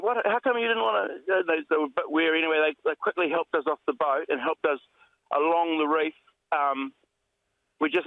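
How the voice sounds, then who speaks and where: Animated man telling his story by phone. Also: a little high, no echo. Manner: rambling, animated retelling with many restarts. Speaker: shipwreck survivor guest. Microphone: telephone. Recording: tinny phone line.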